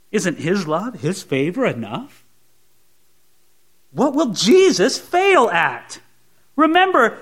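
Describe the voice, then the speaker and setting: A pastor delivers a sermon in a high, bright-sounding male voice. His pitch rises and falls a great deal. He moves between soft, low asides and raised, emphatic lines.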